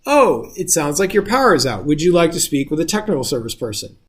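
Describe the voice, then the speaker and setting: A man's voice: fairly high pitch, big pitch swings, fast. A man imitating a polite automated customer-service phone system with chirpy, scripted politeness.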